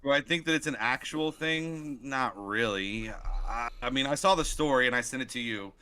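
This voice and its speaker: A man's voice: medium pitch, moderate pace, sharp tone, smooth. A man co-hosting a sports podcast in casual chat, laid-back and analytical, with frequent ums. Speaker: podcast co-host.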